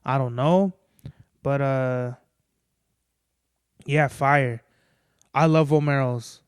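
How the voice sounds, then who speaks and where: A man's voice: medium pitch, steady tone, drawn-out words, clean tone, no echo, clean studio sound. A young man casually chatting about his sneakers as a podcast host, laid-back and rambling, swearing freely and filling gaps with "like" and "you know.". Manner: laid-back, profane, rambling with many fillers. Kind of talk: casual sneaker unboxing chat.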